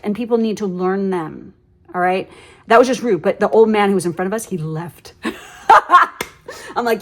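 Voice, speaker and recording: A woman's voice: mid-range voice, normal speed. Woman tarot reader, casual and blunt, ranty storyteller, swears a lot. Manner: blunt, ranting, swears freely; animated storyteller with many fillers. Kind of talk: casual tarot reading monologue.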